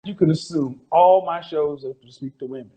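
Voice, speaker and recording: The recording is muffled, and the man's voice is on the high side at normal speed. Speaking into a phone as a live-stream host, he casually lectures his audience and teases them with provocative mockery.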